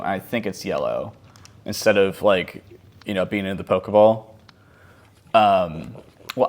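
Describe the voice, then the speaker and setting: A man around thirty chatting casually over his gameplay, rambling and self-mocking, dropping to mumbles and jumping to yelps. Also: lowish voice. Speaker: gaming vlogger.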